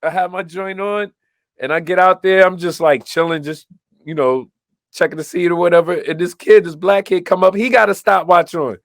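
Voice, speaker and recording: On a casual podcast he co-hosts, a Brooklyn, New York native spins lively anecdotes and voices the dialogue himself. His voice is high-pitched at a moderate pace, captured in clean studio sound with no echo.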